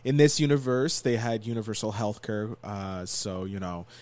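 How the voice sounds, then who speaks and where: A man's voice: on the low side, fairly even intonation, normal speed, a little mellow. Man making dry, sarcastic asides. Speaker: podcast co-host. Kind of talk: casual chat.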